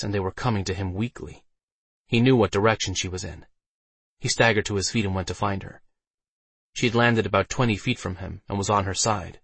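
Husky, low-voiced male audiobook narrator. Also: no echo. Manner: steady storytelling delivery.

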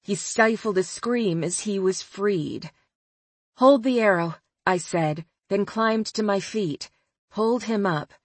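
A woman narrating a first-person audiobook in a measured, expressive way. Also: mid-range voice, no room sound.

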